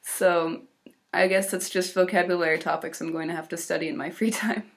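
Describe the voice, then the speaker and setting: A woman's voice: lowish voice, fairly even intonation, fairly quick, vocal fry. Chatty American teen girl vlogging. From Illinois, USA. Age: teens. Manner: chatty, upbeat, with fillers and small laughs. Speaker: exchange student vlogger. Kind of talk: casual video diary.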